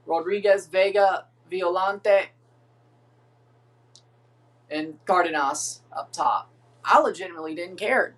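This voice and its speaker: A man's voice: high voice, slow, long pauses, a bit bright, distant mic. A man chatting casually while hosting a live match watchalong, rambling and reading team lineups aloud. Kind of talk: casual live reaction chat.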